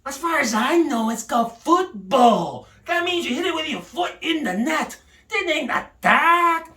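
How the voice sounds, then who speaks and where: A woman's voice: high-pitched, lively intonation, unhurried, pushed and bright. A woman delivering a mock-indignant comic rant in an exaggerated, theatrical way. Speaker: comedic commentator. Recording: echoey room, mic at a distance.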